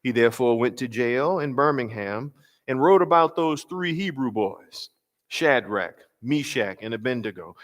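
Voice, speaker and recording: A man pastor giving a workshop lecture in a mid-range voice. He is measured and emphatic, slowing down on key phrases and posing rhetorical questions. The voice rings with a long hall reverb. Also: mid-range voice, animated.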